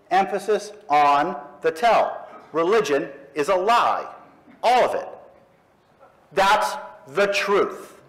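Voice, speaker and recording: A middle-aged man with a fairly high voice addresses a live audience. He delivers a forceful speech in slow, punchy statements, pausing pointedly between them. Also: big pitch swings, low-quality recording. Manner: emphatic, slow, punchy declarations with pointed pauses. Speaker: speaker at an atheist convention. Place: live event in front of an audience.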